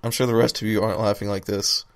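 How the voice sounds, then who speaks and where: A man reads a badly written fan story aloud for laughs, playing its broken grammar straight. His voice is smooth and clear. His pitch stays fairly level, with a deadpan evenness. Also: fast talker. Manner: reads mangled grammar in a mock-serious tone, cracks up laughing. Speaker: fanfic reader. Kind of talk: comedic dramatic reading.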